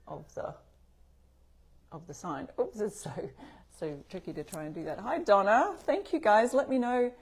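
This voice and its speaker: A woman's voice: mid-range voice, a little mellow. A woman with an Australian accent hosting a live craft tutorial stream, chatting and greeting viewers by name.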